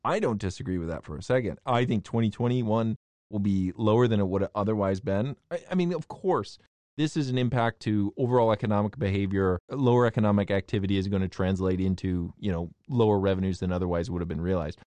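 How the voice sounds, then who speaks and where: A man from the United States debating on a casual talk show, animated and emphatic, often restarting his words. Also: on the low side, fast talker, no room sound.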